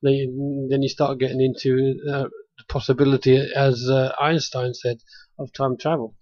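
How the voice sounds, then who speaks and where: A man hosting a community radio talk show, talking in halting bursts with repeated words. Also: medium pitch, little pitch movement, darkish tone, no room sound. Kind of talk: casual radio chat. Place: radio studio. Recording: dry, lo-fi radio sound.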